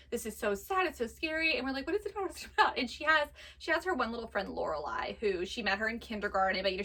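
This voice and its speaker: A woman's voice: on the high side, sharp tone. A woman in her thirties chatting casually, telling stories with acted-out voices. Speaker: vintage box co-owner. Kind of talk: casual chat.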